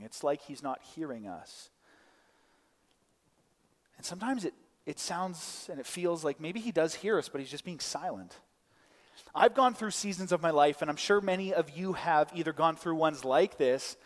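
Male pastor, fairly high voice, chatty sermon with side notes, long hall reverb. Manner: conversational, many restarts and side notes. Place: church.

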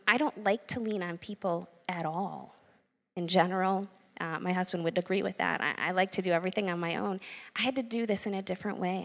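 A woman's voice: on the low side, creaky. A middle-aged woman giving a candid, earnest personal faith testimony to an audience. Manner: candid and earnest, frank about anger. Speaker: church speaker sharing a testimony. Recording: long hall reverb.

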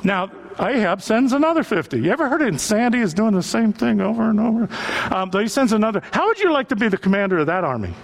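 Male pastor, sermon delivery, high and very lively pitch, plays the characters he quotes. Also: fast talker, gravelly. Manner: animated preaching, acts out quoted voices.

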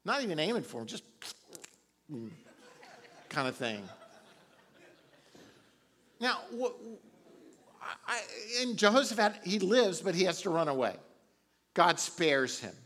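A man's voice: high voice, big pitch swings, slow, long pauses, a bit bright. A man preaching a sermon, retelling a Bible story casually with chuckles and asides. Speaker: pastor.

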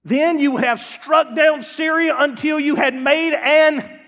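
A man pastor preaching a sermon, dropping to low asides and rising to shouts, acting out church members. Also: fairly even intonation, a little slow, creaky. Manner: acts out church members in quoted voices. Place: church sanctuary. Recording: long hall reverb.

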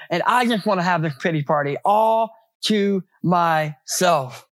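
A man's voice: sits high, a bit bright, dry recording. A man preaching a sermon as pastor, in a conversational way with many rhetorical questions and repeated words.

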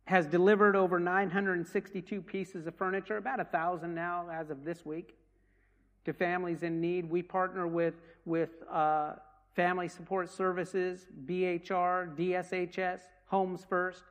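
Male ministry leader, high voice, earnest storytelling sermon, long hall echo. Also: flat delivery, normal speed. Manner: earnest storytelling with many restarts. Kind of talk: testimony talk to a congregation.

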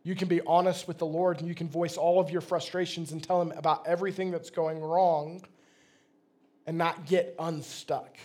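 A man's voice: on the high side, flat delivery, normal speed, darkish tone. A man, a pastor, delivering a sermon in a conversational, plain-spoken way.

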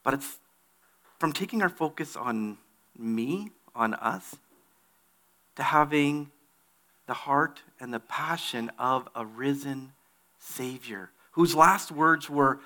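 A man's voice: mid-range voice, takes it slowly, long pauses. A man preaching a sermon, reading a Bible passage aloud and then applying it to his congregation. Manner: reads scripture aloud, then preaches with animated put-on voices. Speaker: pastor.

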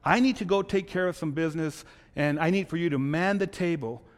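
A man voicing a calm, kindly gatekeeper of heaven who speaks in a measured, hushed way. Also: fairly high pitch, long reverb tail, natural voice.

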